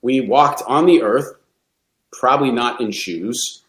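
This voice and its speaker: A man's voice: medium pitch, slow pace. A middle-aged man, a golf coach, speaking candidly and reflectively in a podcast interview, often restarting his sentences. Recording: roomy echo.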